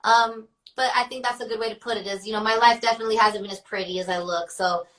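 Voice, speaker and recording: A woman's voice: mid-range voice, steady tone, quick pace, fairly bright tone, distant mic, low-quality recording. A young woman talking casually as an interview guest, chatty and full of "like" fillers, often laughing. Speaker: guest, rapper.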